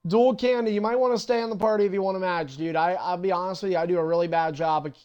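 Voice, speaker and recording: A young man with a high voice runs a live gaming stream, talking straight into his mic. He is brusque and foul-mouthed, bossing players around and getting impatient while he sets up matches. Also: steady tone, quick pace, darkish tone, clean tone, dull audio. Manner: profane, impatient, bossy. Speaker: online wrestling league host. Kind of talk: casual livestream talk while setting up matches.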